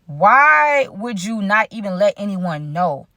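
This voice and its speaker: Animated young woman telling a story. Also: mid-range voice, takes it slowly, no echo. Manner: animated, slangy, addresses viewers as y'all. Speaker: storytime vlogger. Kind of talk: casual storytime.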